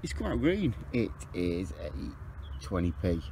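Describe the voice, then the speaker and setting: A chatty man narrates his metal detecting from an open field. His pitch swings widely and leaps up when he gets excited. Faint outdoor noise sits behind him. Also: unhurried. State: out of breath. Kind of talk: casual outdoor commentary to camera.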